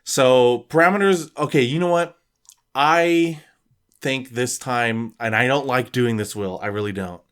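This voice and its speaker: A man's voice: mid-range voice, fairly bright tone, clear, resonant tone. A man co-hosting a casual podcast, talkative and full of fillers, setting up a scenario. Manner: talkative, many fillers, drops into quick put-on voices. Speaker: podcast co-host. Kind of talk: casual chat, posing scenarios.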